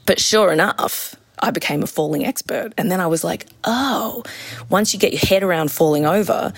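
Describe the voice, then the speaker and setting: Enthusiastic woman, lively storytelling. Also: on the low side, a little fast. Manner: enthusiastic, acts out quotes in shifting voices. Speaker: roller skating instructor. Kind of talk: casual interview chat.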